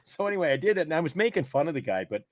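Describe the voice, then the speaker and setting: Guy co-hosting a live sports chat, swoopy lively voice, tells stories and laughs a lot. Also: on the high side, rapid-fire, dry recording, clean studio sound. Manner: storytelling, lively, does voices of people he quotes. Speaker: podcast co-host. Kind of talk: casual chat. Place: home studio, live stream.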